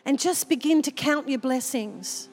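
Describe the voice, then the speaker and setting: A woman pastor delivers a sermon during a church service, sharing personal stories full of emotion. Her voice is high and darkish in tone, and she speaks a little slowly while the church hall adds a long reverb.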